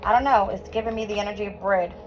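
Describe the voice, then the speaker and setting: A woman's voice: medium pitch, quick pace. Woman, tarot reader, emotional, swears and laughs a lot, hot and sweaty, dull lo-fi sound, music behind. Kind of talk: live tarot reading to viewers. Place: indoor room at home.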